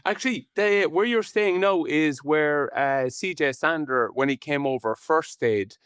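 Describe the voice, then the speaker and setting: A man's voice: on the high side, a bit bright, smooth, dry recording, studio quality. Chatty Irish man on a podcast. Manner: chatty, rambling, with quick laughs and restarts. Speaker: co-host, former rugby player. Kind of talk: casual podcast chat.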